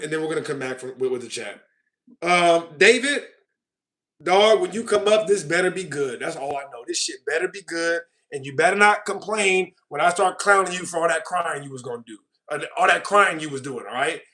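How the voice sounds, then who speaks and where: Young male livestream host; high, bright voice; mocking, ranty casual chat. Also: a little fast.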